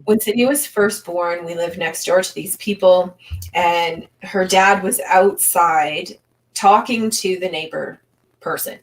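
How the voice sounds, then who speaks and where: A middle-aged woman telling an animated story in a casual panel chat as co-host. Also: mid-range voice, recorded from a distance, rough recording.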